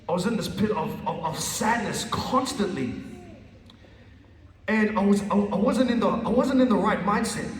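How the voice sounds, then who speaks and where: Recorded from a distant mic in an echoey hall with a little hiss or hum, a high-pitched man gives an earnest, emotional personal testimony. He often restarts and repeats phrases for emphasis.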